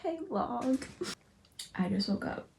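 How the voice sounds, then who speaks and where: An animated American woman in her twenties, a study abroad student, speaks slowly in a fairly high, darkish voice with vocal fry. She chats casually to camera with lots of laughs and "like" fillers, and the handheld audio from her apartment and the streets is noisy.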